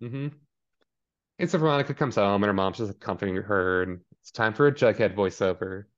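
A man co-hosting a podcast, casually recapping a TV episode and acting out the characters in quick, animated asides. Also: on the low side. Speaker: podcast co-host. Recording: dull lo-fi sound.

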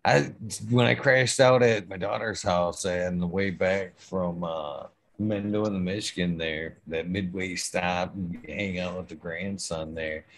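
Older man, low voice, rambling profane chat. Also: fairly even intonation, unhurried, a bit bright. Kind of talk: casual chat.

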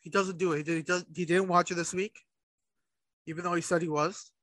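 Male co-host, high bright voice, dry close sound, animated cursing rants. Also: brisk, no echo, rough recording. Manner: animated ranting, heavy swearing. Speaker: podcast co-host. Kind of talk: casual chat.

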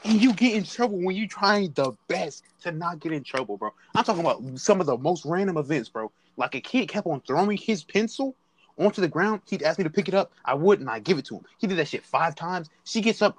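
Fast-talking young man telling a story. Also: high voice, expressive, no room sound. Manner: slangy, rambling, acts out quotes. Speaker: storyteller in group chat. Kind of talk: casual storytelling.

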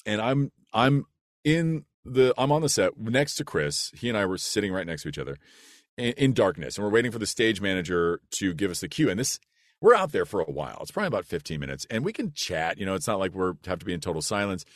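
Deep-voiced man telling a funny story. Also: fast, no room sound, studio quality. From United States. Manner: animated, laughs through the story. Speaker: podcast guest, actor. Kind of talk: casual storytelling.

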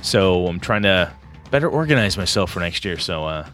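A man's voice: low voice, lively intonation, moderate pace, a bit bright, faint music behind. A man co-hosting a tabletop gaming podcast, rambling enthusiastically with lots of fillers. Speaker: podcast co-host. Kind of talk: casual podcast chat.

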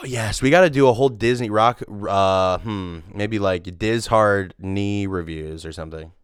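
A man's voice: lowish voice, measured pace, clean tone, no room sound, studio quality. A young man co-hosting a casual chat, joking and sarcastic, laughing often. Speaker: podcast co-host.

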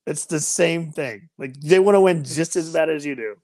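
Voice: medium pitch, normal speed, darkish tone. A podcast co-host ranting heatedly about sports fans in casual chat.

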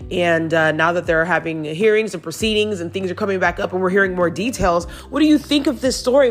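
A chatty woman hosts a celebrity gossip show in a somewhat low voice, reading stories aloud and breaking off to give her own opinions. She giggles now and then, and her voice is still recovering after being lost. Faint music plays behind her. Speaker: celebrity news host. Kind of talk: casual gossip news commentary.

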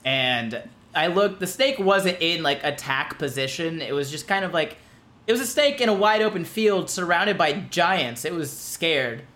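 A man's voice: a little high, measured pace. A man co-hosting a podcast, chatting casually and acting out the voices of people in his stories. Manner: animated, acts out everyone's voices in his stories. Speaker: podcast co-host. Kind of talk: casual chat, comedic storytelling.

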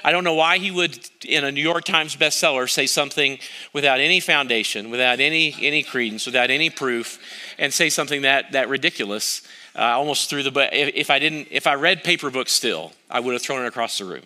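A man's voice: medium pitch, a little fast, sharp tone. A middle-aged male pastor preaching a sermon, telling a story on himself with wry, self-mocking humor.

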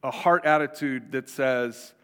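A man's voice: mid-range voice, a little slow, fairly bright tone, clear, resonant tone. Man preaching in a reverberant hall. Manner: conversational preaching that acts out quoted voices. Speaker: pastor. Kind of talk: sermon.

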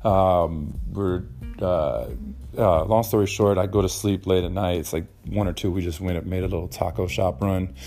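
A man's voice: low voice, steady tone, moderate pace, dark tone, faint music behind. A young man hosting a casual solo podcast, rambling and swearing freely with lots of ums and uhs. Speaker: podcast host.

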